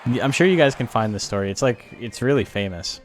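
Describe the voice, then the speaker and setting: A man's voice: mid-range voice, animated, fast, soft background music. A man hosting a game tournament stream, talking casually in a rambling, crude way with lots of fillers. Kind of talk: casual livestream commentary.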